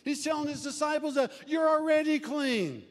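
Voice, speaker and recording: Guy from the midwest preaching, really high voice, big echoey hall, folksy and chatty. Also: moderate pace. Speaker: pastor. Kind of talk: sermon. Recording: long hall reverb.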